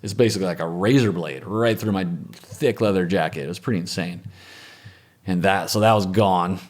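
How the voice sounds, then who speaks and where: A man as an interview guest, telling a personal story in a reflective, matter-of-fact way that often trails off softly. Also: low-pitched, moderate pace. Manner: reflective, matter-of-fact, with frequent restarts and trailing soft phrases.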